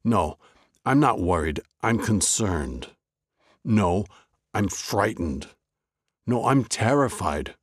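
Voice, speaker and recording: A man's voice: fairly low pitch, sing-song, slow, long pauses, husky, no echo, studio quality, exaggerated voice. A man voicing an anxious, fretful male village baker in a told story, piling up worried complaints. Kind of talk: storybook character voice.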